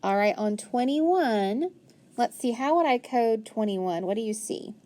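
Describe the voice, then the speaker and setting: A woman's voice: medium pitch, moderate pace, warm tone. A woman teaching a phonics lesson, patiently sounding words out and praising often. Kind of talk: phonics lesson, working through a worksheet.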